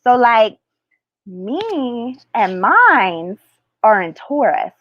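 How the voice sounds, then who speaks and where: A woman's voice: fairly high pitch, very animated, a bit bright, no echo, highs cut off. A woman hosting a spiritual livestream, chatting casually and crassly, rambling and losing her train of thought. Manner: slow, drawn-out teaching delivery.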